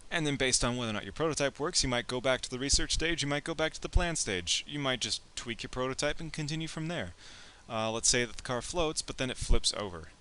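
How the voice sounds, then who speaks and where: A man's voice: medium pitch, animated, fast, few pauses, pushed and bright, clear, resonant tone. A young man teaching a casual, joking lecture on science and engineering, acting out imagined speakers with playful asides.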